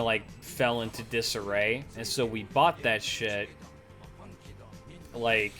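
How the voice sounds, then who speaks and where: Young man, casual storytelling, rambling, profane, soft music behind. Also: mid-range voice. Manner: rambling, profane, uses many fillers. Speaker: streamer.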